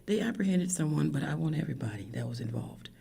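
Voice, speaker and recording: A woman in her fifties, a grieving mother, tells her story emotionally, her voice cracking and often falling to a hushed whisper. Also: low-pitched, animated, fast talker, vocal fry, breathy edge. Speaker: guest, bereaved mother. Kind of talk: emotional personal account.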